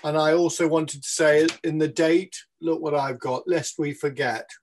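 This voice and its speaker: A man's voice: a little high, steady tone, normal speed. Jovial man on a video call. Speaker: regular panelist. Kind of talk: casual chat over a video call.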